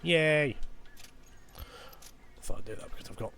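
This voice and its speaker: A man with a Yorkshire accent giving casual live commentary on a horror game, rambling through puns and breaking into sudden excited yelps. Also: on the high side, measured pace, creaky, a little hiss or hum. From England. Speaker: game streamer.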